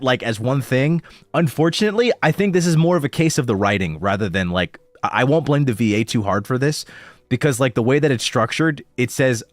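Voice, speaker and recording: A man's voice: mid-range voice, dry recording. A man giving casual, blunt commentary as he critiques voice acting and swears freely. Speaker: streamer reviewing voice acting.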